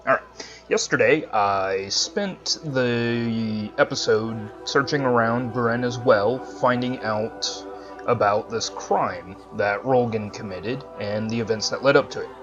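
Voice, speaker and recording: A man's voice: mid-range voice, slow pace, over music. Man chatting over a video game. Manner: chatty, friendly. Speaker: let's play host. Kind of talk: casual game commentary. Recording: slightly dull, muffled recording.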